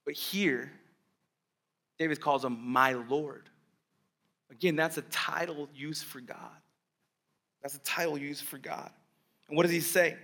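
A man's voice: on the high side, fairly bright tone. A male pastor preaching a sermon, explaining the text step by step and asking his listeners rhetorical questions.

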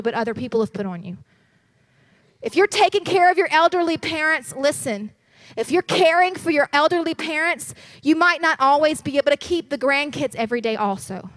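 High-voiced, passionate woman preacher. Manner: passionate, urgent, repeatedly says "listen". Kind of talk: sermon.

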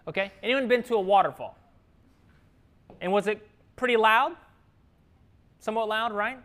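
A man preaching a sermon in an easy conversational way, throwing questions out to the congregation. His voice swings between bright raised lines and soft reflective ones. He laughs easily and keeps the tone friendly. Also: high-pitched, normal speed. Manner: lively, asks the room questions, laughs easily.

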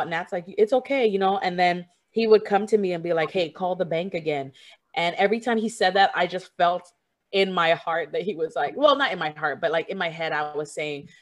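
Young woman telling a story casually. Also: lowish voice. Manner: rambling storytelling, many "like" fillers, quotes others. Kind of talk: casual conversation.

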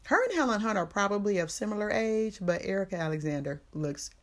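A woman's voice: mid-range voice, animated, brisk. A woman hosting a podcast, recapping a movie in a casual, profane, slangy way. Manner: profane, slangy storytelling with quoted voices. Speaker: podcast host.

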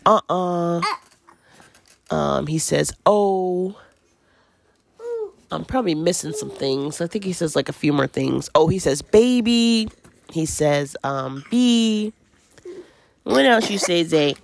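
Chatty gravelly-voiced mom host. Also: female voice, low-pitched, normal speed, few pauses. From Washington. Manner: chatty, laughing, many fillers. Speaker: podcast host. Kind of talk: casual parenting chat. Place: at home with a toddler.

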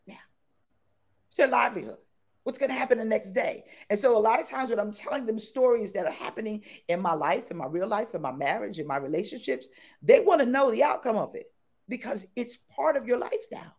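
Exuberant woman with a lively high voice. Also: fairly quick, breathy edge. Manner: exuberant, repeats phrases, bursts into high excited tones. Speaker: podcast guest. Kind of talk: animated interview chat.

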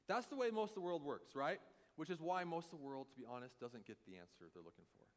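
A man preaching a sermon as a pastor, animated and acting out the voices of the people he quotes. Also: on the high side, quick pace. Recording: long hall reverb.

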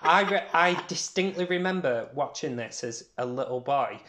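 A man's voice: a little high, expressive, moderate pace, pushed and bright. Chatty man in echoey room. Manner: chatty, swears, acts out film lines. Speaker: podcast co-host. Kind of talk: casual film chat.

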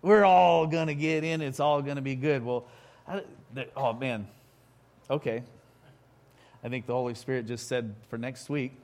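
A man preaching a sermon in a halting way, full of restarts, building to loud emphatic peaks. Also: mid-range voice, fairly even intonation.

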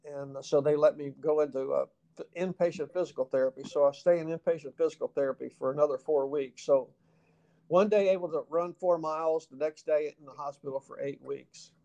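A man's voice: on the high side, brisk, highs cut off. A middle-aged man with a Southern accent, telling a personal story as an interview guest in a folksy way and acting out the dialogue. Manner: folksy, animated, acts out quoted dialogue.

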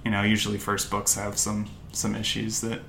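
A young American man with a lowish, bright, forward voice. He rambles through casual podcast chat, full of "um"s, "like"s and restarts. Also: completely flat delivery, moderate pace, creaky, a little hiss or hum. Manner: rambling, many fillers and restarts. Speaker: podcast co-host.

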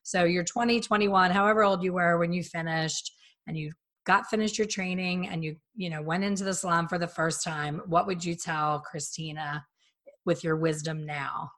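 A woman's voice: lowish voice, steady tone, normal speed, a bit bright. A woman hosting a podcast, chatting with a guest in a friendly, gushing way. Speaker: podcast host. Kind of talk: casual podcast interview.

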